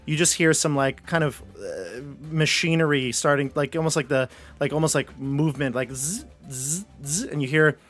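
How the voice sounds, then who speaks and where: A man running a tabletop role-playing game, narrating in a casual, laughing manner. His voice sits a little high, with faint music behind him. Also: normal speed, few pauses, fairly bright tone. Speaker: game master.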